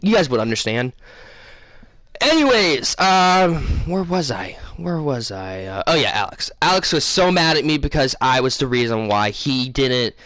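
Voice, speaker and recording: A man casually telling his viewers a long dream story, rambling, losing his place and filling pauses with um and uh. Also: medium pitch, very animated, a bit bright, no room sound. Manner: rambling, loses his place, many fillers. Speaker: gaming channel host.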